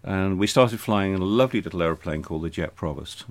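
Deep-voiced older man telling anecdotes. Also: fast, dry recording. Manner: anecdotal, dry humour. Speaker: interview guest, retired air force officer. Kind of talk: reminiscing in conversation.

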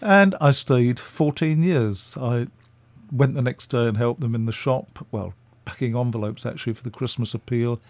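A man's voice: mid-range voice, moderate pace, a little mellow, dry recording. An older man from England, a radio interview guest, telling chatty stories with fillers.

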